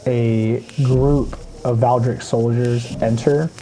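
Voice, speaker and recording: A man with a mellow, warm voice runs a tabletop game as game master. He narrates the scene in a relaxed, easygoing way. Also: medium pitch, takes it slowly, slight background noise, poor audio.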